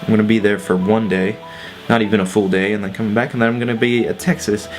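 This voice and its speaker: Low-voiced man telling a story, swearing. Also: steady tone, quick pace, faint music behind. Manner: laid-back, swears, lots of fillers. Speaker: vlogger. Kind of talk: casual storytime vlog.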